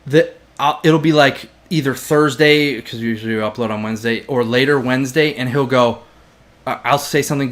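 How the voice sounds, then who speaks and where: A man's voice: medium pitch, fairly even intonation, fast. A young man co-hosting a casual podcast, chatting and teasing his viewers. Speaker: podcast co-host. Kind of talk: casual chat.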